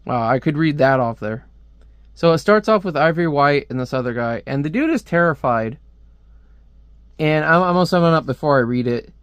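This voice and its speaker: A man's voice: a little high, lively intonation, fairly quick, clear, resonant tone, no room sound. A man casually reviewing a comic book on video, rambling with lots of filler words and restarts, close to the mic at home.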